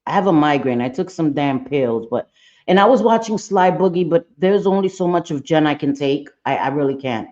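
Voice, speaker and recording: A woman's voice: sits low, lively intonation, moderate pace, a little mellow, highs cut off. A woman doing a casual livestream reaction, blunt and profane, talking straight to her chat. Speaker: livestream commentator.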